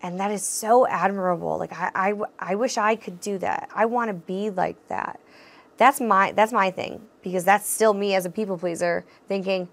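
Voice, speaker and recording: Podcast host, young woman, gravelly edge, blunt and encouraging. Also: mid-range voice, steady tone, normal speed. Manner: candid, swears freely, laughs often; encouraging, addresses listeners directly. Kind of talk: casual solo podcast talk.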